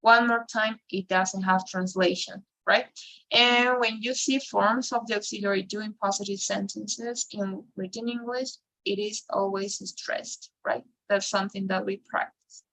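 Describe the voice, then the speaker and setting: A woman's voice: mid-range voice, fairly even intonation, unhurried, a bit bright, low-quality recording. A woman teaches an English grammar class. She keeps checking in with a questioning "right?" and sometimes switches into to explain. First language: Spanish. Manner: mixes in Spanish, ends phrases with "right?".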